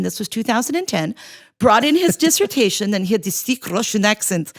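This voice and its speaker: A woman, a writing professor and tutor, chatting casually on a podcast and telling lively stories. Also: medium pitch, a little fast, dry recording, studio quality. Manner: animated storyteller, puts on voices when quoting.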